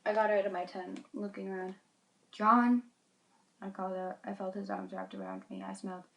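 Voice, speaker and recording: A woman reads her own short story aloud into a phone, earnest and a bit halting, stumbling and correcting herself now and then. Her voice sits at a middle pitch. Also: vocal fry, darkish tone. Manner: earnest, halting reading with small slips. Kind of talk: reading a self-written story aloud. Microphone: phone mic.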